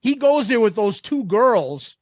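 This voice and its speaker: A man's voice: very high voice, big pitch swings, unhurried, darkish tone, no echo. A man in his fifties co-hosting a casual podcast, telling a rowdy story full of swearing and laughter and acting out the voices in it. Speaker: podcast co-host.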